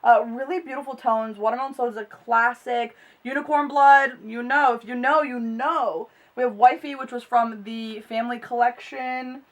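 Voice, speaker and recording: Young woman beauty vlogger, high voice, excitable and gushing, a bit off-mic. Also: normal speed, hardly any pauses, far from the mic. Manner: gushing and excitable, gasps and squeals. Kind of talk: unboxing vlog chat.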